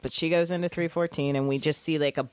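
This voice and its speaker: A woman's voice: sits low, steady tone, quick pace, a little mellow, clean tone. A woman co-hosting a casual rewatch podcast, gushing about characters, swearing casually and laughing often. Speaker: podcast co-host.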